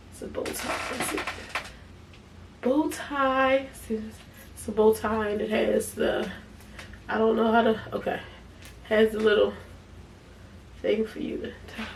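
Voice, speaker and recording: Casting note: woman, unhurried and chatty, voice set back from the mic in an echoey room. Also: a little high, gravelly, a little mellow. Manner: chatty, talks to viewers as y'all, easy laughs. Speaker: vlogger reviewing products. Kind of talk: casual unboxing review. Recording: echoey room, a bit far from the mic, faint noise.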